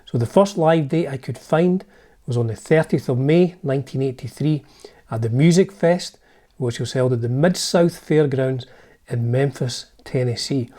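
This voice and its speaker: A Scottish man with a mellow, dark-toned voice sits at mid pitch and tells a rock band's story like a keen fan. His talk is chatty and full of asides, easy to follow. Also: moderate pace. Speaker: music channel host. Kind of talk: narrated music history video.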